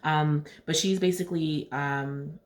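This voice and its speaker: A woman's voice: deep voice, fairly even intonation, measured pace, slight background noise. A woman casually recapping a TV episode, chatty, retelling scenes in paraphrased dialogue. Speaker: TV recap vlogger.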